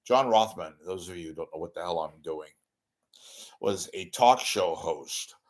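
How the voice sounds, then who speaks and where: Speaking low and steady at an unhurried pace, with a darkish tone, an older man hosts his own online talk show. He reads viewer messages and talks off the cuff in a blunt, rambling, self-mocking manner, with no script.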